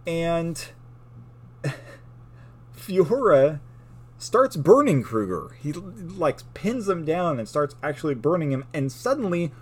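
A man's voice: a little high, slow, long pauses. Man animatedly retelling lore. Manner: animated storytelling, laughs often. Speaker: podcast co-host. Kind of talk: casual lore chat.

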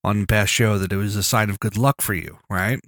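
A man's voice: fairly low pitch, steady tone, fairly quick, fairly bright tone, no echo, clean studio sound. A man with a stuffy nose from a cold, hosting a casual podcast chat, rambling and joking as he steers the talk. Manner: rambling, joking, bossy with co-host. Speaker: podcast host.

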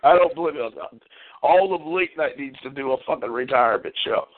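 A man's voice: mid-range voice, fairly quick, dry recording. A man hosting a casual talk show, ranting profanely and venting. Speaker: podcast host. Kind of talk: casual chat. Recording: tinny phone line.

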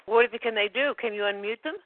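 A woman's voice: a little high, fairly quick, dry recording. A woman hosting a community call, chatting casually and laughing often between remarks. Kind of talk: casual phone chat. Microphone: phone. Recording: thin phone line.

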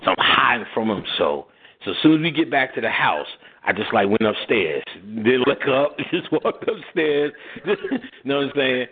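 A tinny, noisy phone-like line carries a radio host's casual chat as he tells a slangy story at normal speed in a medium-pitched voice. Laughing and animated, he acts out the quotes.

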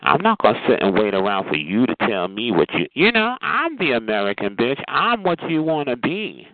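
A man's voice: medium pitch, wildly swooping pitch, moderate pace, dry recording. A man ranting on the phone in a sassy, mocking way, calling people honey and child. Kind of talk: profane phone rant. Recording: tinny phone line with faint noise.

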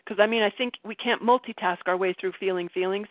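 A woman leading a casual group call, animated and self-mocking, laughing often as she talks. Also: mid-range voice, fast talker, no echo. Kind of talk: casual group coaching chat. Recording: tinny phone line, dry.

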